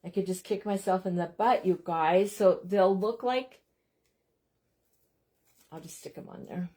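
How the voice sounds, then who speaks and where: A woman's voice: lowish voice, measured pace, warm tone. Woman, crafting livestream host; casual, chatty, self-deprecating, keeps addressing viewers directly.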